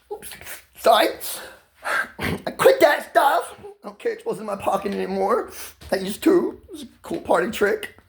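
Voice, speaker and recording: A man in his twenties talking in a rambling, pressured rush, swerving between laughter, near tears and shouting, loud and swearing often. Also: on the high side, creaky. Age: 20s. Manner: loud and expressive, heavy swearing. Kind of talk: emotional monologue to camera.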